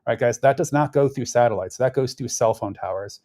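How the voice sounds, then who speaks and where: This man's mid-range, dark-toned voice moves a little fast as he delivers casual, rambling political commentary. He is conversational, frequently restarting sentences and using fillers.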